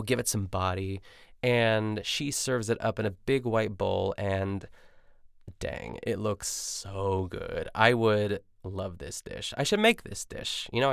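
Chatty man with a gravelly voice. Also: fairly low pitch, no room sound, studio quality. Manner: chatty, rambling, self-correcting with asides. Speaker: podcast host. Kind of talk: casual recap of a cooking show.

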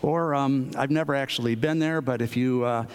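Guy preaching a sermon, slow with lots of ums, echo hanging in a big hall. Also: medium pitch, clear, resonant tone. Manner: unhurried, many fillers and restarts. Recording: long hall reverb.

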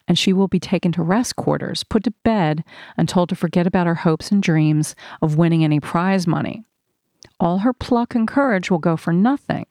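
A woman's voice: lowish voice, a little mellow, no echo, clean studio sound, lightly acted. A woman reading the lines of a showy middle-aged male dance marathon emcee in an audiobook, with a pleading, rousing showman's patter.

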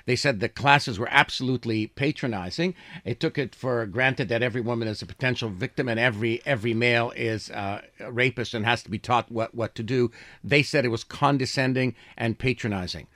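A man's voice: mid-range voice, brisk, fairly bright tone, no echo, studio quality. Argumentative male radio host. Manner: argumentative, repeats himself. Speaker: radio talk show host. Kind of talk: panel discussion.

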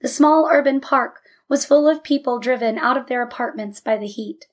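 Woman reading a story calmly. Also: sits high, moderate pace. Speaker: narrator. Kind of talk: storybook narration.

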